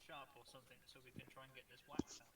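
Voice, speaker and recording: A man playing a tabletop game, giving quiet terse replies over a distant mic with background noise. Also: medium pitch, flat delivery, rapid-fire, echoey room. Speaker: player. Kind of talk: casual tabletop play.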